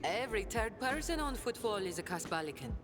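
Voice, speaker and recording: A sly, worldly smuggler-trader, voiced by a woman in a video game, speaking with an accent and a theatrical lilt. Her pitch swoops widely, dropping into hushed, conspiratorial asides. Game music plays clearly behind her. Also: sing-song, fairly quick, lightly acted. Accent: non-standard accent. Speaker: game companion character.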